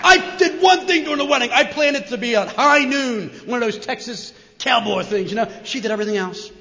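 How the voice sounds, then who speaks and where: A middle-aged man with a New Jersey accent speaks to a crowd in a high, animated voice, peppering his talk with "man." The sound is muffled and carries a long reverb from the hall. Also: brisk, gravelly. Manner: animated, says "man" constantly, repeats "and". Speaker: speaker sharing his recovery story. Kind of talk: personal story talk to an audience. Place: large meeting hall with an audience.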